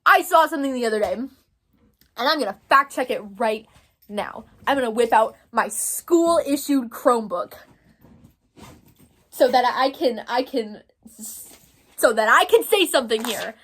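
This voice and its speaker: A young Texan woman creates casual commentary, thinking out loud and rambling with plenty of filler words. Her voice sits on the high side and is animated and fairly bright, yet unhurried, with long pauses.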